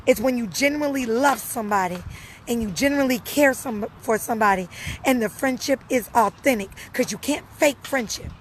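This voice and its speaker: A woman's voice: on the high side, normal speed, slight background noise, poor audio. A young woman speaking casually and earnestly to her viewers, repeating phrases for emphasis. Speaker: live streamer answering viewers. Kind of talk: casual personal talk.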